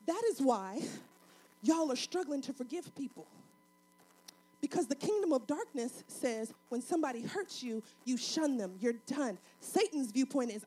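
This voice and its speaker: High-voiced woman pastor preaching. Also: expressive, normal speed, slightly rough. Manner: swings between loud preaching and quiet intimate talk; colloquial, folksy. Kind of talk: sermon.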